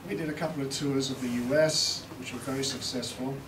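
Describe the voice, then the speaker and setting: A man's voice: mid-range voice, steady tone, brisk. British man talking in an echoey room. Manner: chatty, joking, swearing lightly. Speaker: seminar presenter, recording engineer. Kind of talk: live seminar talk and demo. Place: room with a live audience. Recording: echoey room from far off, with background noise.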